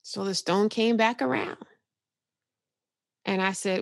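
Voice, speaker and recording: A woman's voice: mid-range voice, slow pace, creaky, long pauses, no room sound. A woman from New York speaks as a podcast guest in a mid-range voice, telling a personal story with candid animation and easy laughter. The sound is dry and close, with no room around her. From New York, United States. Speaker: psychotherapist guest.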